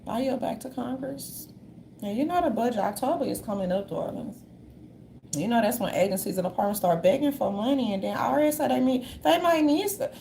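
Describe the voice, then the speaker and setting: A woman in a casual monologue, reading from notes in a sassy manner and calling listeners darlings, with a gravelly voice. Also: on the high side, lively intonation, a little fast, mellow, a little hiss or hum.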